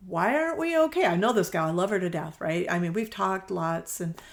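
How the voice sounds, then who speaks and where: A middle-aged woman is a guest on a relaxed interview podcast, rambling warmly through stories about her shop. Her voice sits a little low and has a strong gravelly fry. She slips into the voices of the people in her stories and laughs easily. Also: fairly quick. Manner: chatty storyteller, acts out quoted dialogue, laughs easily. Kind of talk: casual conversational interview.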